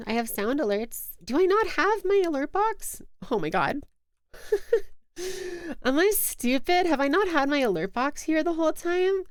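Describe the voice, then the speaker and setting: A woman's voice: high-pitched, expressive, moderate pace, dry recording. A young woman streaming a game, chatting casually in a giggly, self-mocking way into a close mic. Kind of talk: casual live-stream chat.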